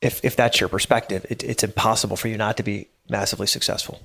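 A man's voice: fairly low pitch, steady tone, fast, gravelly, sharp tone. A man in his late thirties giving a casual motivational monologue, earnest and prone to stammering and repeating words as he gets worked up. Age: 30s. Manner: laughs at himself now and then.

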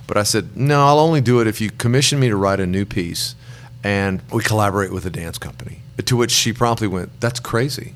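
A man's voice: on the low side, a little fast. A middle-aged man, a songwriter guest, telling long rambling anecdotes and acting out the people he quotes. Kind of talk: relaxed storytelling in an interview.

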